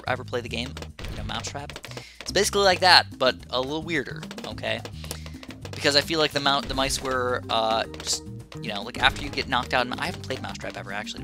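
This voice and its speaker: A young man telling a rambling, excitable story while playing a video game, full of fillers. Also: medium pitch. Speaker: gaming YouTuber. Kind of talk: casual storytelling over gameplay. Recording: game music behind voice.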